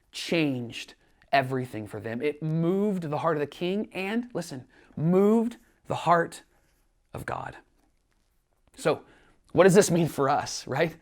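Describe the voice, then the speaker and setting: A man, a pastor, preaching a sermon with earnest storytelling and rising emphasis. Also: a little high. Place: church streaming from home.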